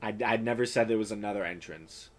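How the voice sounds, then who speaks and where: A man narrating as game master of a tabletop role-playing game, pausing often with fillers. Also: lowish voice. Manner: hesitant, many fillers.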